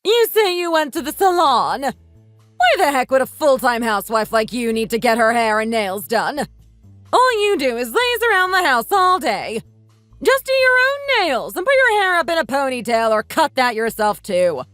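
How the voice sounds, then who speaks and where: A bossy, scornful older mother-in-law in her sixties, put on by a woman reading a texting story. She scolds and insults in a high voice that leaps up and down. The sound is close and dry, with no room around it. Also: big pitch swings, moderate pace, fairly bright tone, no room sound, faint music behind.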